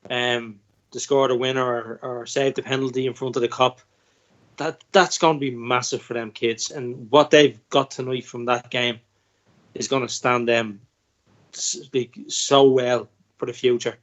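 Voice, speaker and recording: A man co-hosting a casual football podcast, talking in a halting way with many repeated words. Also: medium pitch, little pitch movement, muffled recording. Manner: hesitant, repeats words, says "like" often. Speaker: podcast co-host.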